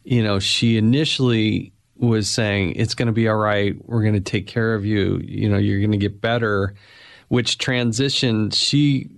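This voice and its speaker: A middle-aged man hosting a podcast interview, speaking in a measured, sincere way. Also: on the low side, fairly even intonation, vocal fry. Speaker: podcast host. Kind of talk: conversational interview.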